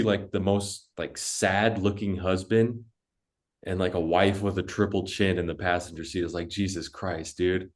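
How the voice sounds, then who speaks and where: A young man with a very low, deep voice rambles through a story on a casual podcast. He cusses freely and leans on "dude" and "like" as he talks. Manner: rambling storytelling, heavy cussing, lots of "dude" and "like". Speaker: podcast co-host.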